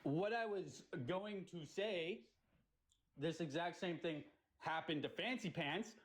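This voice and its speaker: A man's voice: a little high, slow pace, rough recording. A man hosting a livestream who rants angrily and swears through a heated argument. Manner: angry, swearing, ranting. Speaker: livestream host.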